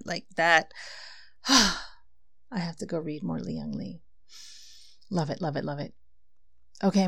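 A woman podcast host with a low voice and a gravelly edge, speaking slowly and earnestly. She moves between reflective casual talk and reading poetry aloud, with a close, dry sound. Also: no room sound. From Filipino heritage. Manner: earnest and reflective, with frequent fillers.

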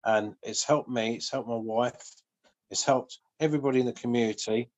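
Midlands bloke, middle-aged, casual chat, gushing and friendly, keeps saying mate. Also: male voice, mid-range voice, steady tone, moderate pace. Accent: English Midlands. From English Midlands. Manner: warm, effusive praise, calls people mate. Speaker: guest.

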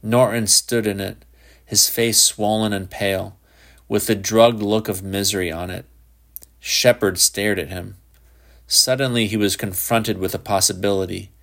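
A man with a fairly low voice narrates a short story in a measured, even way. His delivery is steady scripted storytelling for an audiobook. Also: vocal fry. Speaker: audiobook reader.

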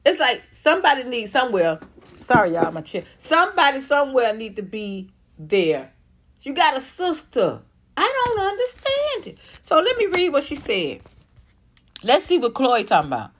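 A woman delivers celebrity gossip commentary in a blunt, profane, sarcastic rant. Her voice sits a little high and swings widely in pitch. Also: huge pitch swings, moderate pace, a little hiss or hum.

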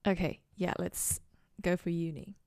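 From her dorm room, a young woman hosts a solo podcast, chatting and rambling in a goofy way that mocks herself. Her lowish voice is gravelly and darkish, unhurried with fairly even intonation, captured in clean studio sound without room sound.

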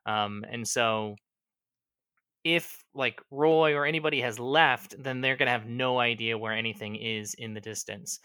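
Bright, crisp-voiced male game master. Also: medium pitch, no room sound, clean studio sound. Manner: descriptive, unhurried with frequent ums. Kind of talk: narrating a tabletop game.

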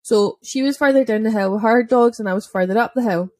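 A woman with a fairly high voice tells a long personal story in a relaxed podcast chat. She talks loosely, with lots of "like" fillers, and keeps the story vivid. The sound is dry and close, with no room echo. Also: fast talker. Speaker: dog owner and podcast speaker.

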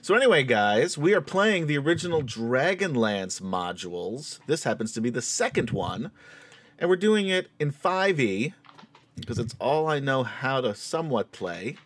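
A man serving as game master for an online tabletop game. His talk is loose and chatty, full of ums. His pitch swings up and down a lot. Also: big pitch swings, normal speed. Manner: chatty, laughing, lots of fillers. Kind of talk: hosting and narrating a tabletop game stream.

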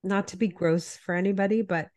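A woman's voice: mid-range voice, steady tone, brisk, a little mellow. A woman health coach with a stuffy, nasal voice from a cold, chatting casually and a little apologetically as a podcast co-host. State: congested, under the weather.

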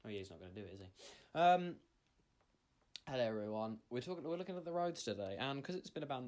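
A man's voice: mid-range voice, big pitch swings, fast talker, darkish tone. A man hosting a comedy podcast, rambling and stammering through an improvised story that builds into a rant. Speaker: podcast host.

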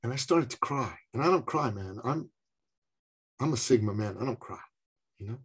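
A middle-aged man from Canada telling a personal story in conversation, animated and acting out the voices of others. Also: mid-range voice, moderate pace, breathy edge. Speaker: speaker and business coach.

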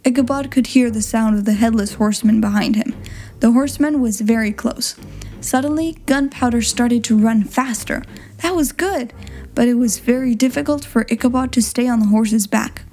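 Reading at a normal speed, a woman narrates a storybook in plain, clear language meant for learners. There's faint soft music in the background, and her somewhat high voice sounds warm and mellow.

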